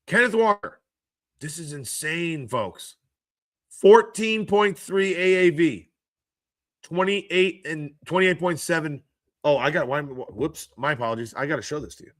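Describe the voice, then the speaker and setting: A man hosts a live stream about football news, his voice hoarse from screaming. He sounds bright and a touch high for a man, excitable and quick to laugh as he reacts to the chat. The sound is close and dry, with no room around it. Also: no room sound. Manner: excitable, laughs often, reads chat aloud.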